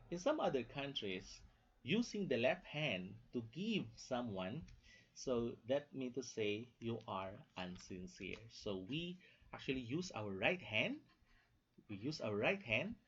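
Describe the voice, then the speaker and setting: Slow Filipino-English male lecturer. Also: medium pitch, slightly rough. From Philippines. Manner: slow, emphatic, repeats key phrases with frequent "okay?" checks. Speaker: teacher. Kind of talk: classroom lecture. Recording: dull lo-fi recording.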